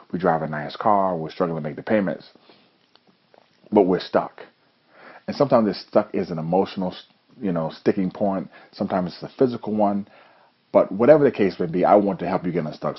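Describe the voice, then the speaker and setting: Brief: very low, husky male coach telling stories earnestly in a motivational talk, dull lo-fi recording. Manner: earnest storytelling. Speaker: judo coach and host. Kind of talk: motivational monologue.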